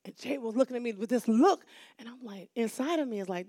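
A middle-aged woman telling a lively, dramatic testimony to a church audience. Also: high-pitched, brisk, dry recording, studio quality. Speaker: church speaker giving a testimony. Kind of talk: animated testimony storytelling.

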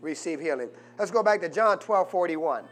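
A man pastor preaching a sermon and drawing answers from the congregation, swinging from quiet asides to loud, fervent peaks. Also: on the high side, lively intonation, moderate pace. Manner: rises to loud preaching, asks congregation "what?". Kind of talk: call-and-response sermon.

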